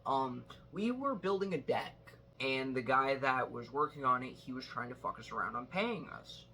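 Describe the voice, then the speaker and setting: A young man rambles through a story in casual conversation, full of fillers and bursts of laughter. His voice is bright and forward, at an ordinary pitch. Faint background hum sits under his voice. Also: lively intonation, moderate pace. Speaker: guest telling stories. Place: indoors at a sleepover.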